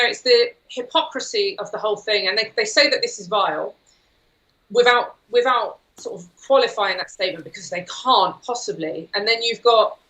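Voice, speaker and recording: A woman speaking as a guest on a political talk show, forceful and indignant. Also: mid-range voice, poor audio.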